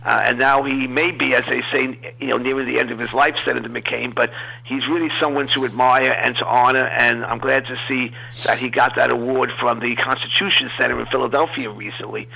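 Man from New York, radio guest, casual talk, gravelly, husky, bright tone. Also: medium pitch, little pitch movement, fairly quick, poor audio. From Queens, New York. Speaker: guest commentator.

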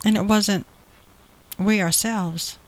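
A woman's voice: mid-range voice, steady tone, takes it slowly. A woman preaching a sermon, earnest and repetitive, building emphasis through quoted promises.

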